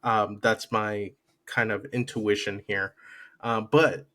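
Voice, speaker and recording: A man co-hosting a podcast, talking in a relaxed, joking way and often laughing at his own stories. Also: on the low side, slow. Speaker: podcast co-host. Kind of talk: casual chat.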